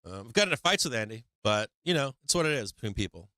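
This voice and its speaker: A man's voice: mid-range voice, sing-song, rapid-fire, sharp tone, dry recording. A man hosting a stock market livestream, chatting casually and profanely with his viewers in a rambling way.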